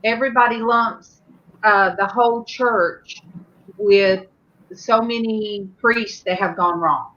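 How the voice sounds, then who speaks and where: A woman's voice: mid-range voice, fairly even intonation, takes it slowly, a bit bright, dull audio. A woman rambling through a heartfelt story in a casual group chat, full of fillers.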